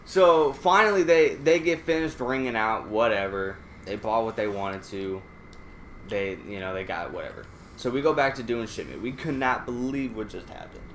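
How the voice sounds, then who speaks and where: A medium-pitched let's play gamer talks at normal speed in a slightly bright voice, casually telling a profane, wandering story with restarts as he plays. There's a little hiss or hum, and the room is echoey.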